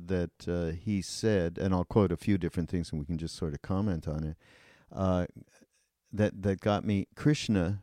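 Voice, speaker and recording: An older man hosting a podcast, talking hesitantly with many filler pauses. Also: sits low, dark tone, no room sound, studio quality. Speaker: podcast host. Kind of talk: conversational interview.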